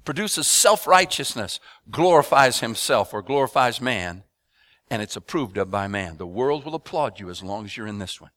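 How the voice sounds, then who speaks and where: A man preaching a sermon to a congregation, asking them to respond and building up rhythmic repeated phrases into loud emphatic bursts. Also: medium pitch, lively intonation, normal speed, dry recording. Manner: addresses congregation with call-and-response questions.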